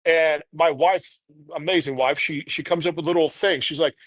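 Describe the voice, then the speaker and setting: A man's voice: on the high side, steady tone, normal speed, fairly bright tone, no room sound. A man in his thirties, a podcast guest, telling a candid personal story in an earnest, rambling way full of "you know".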